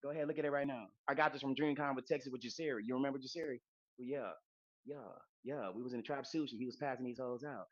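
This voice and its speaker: A man co-hosting a podcast in casual chat, talking loud and hyped, with slangy, profane banter and shouted intros. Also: medium pitch, fairly even intonation, quick pace, no room sound, dull audio. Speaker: podcast co-host.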